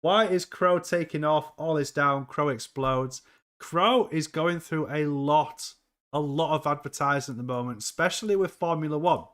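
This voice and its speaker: A man with a slightly high voice hosts a relaxed crypto livestream at normal speed. He's upbeat, chatty and rambling, reacting to the market and reading chat messages aloud in a loose, conversational way.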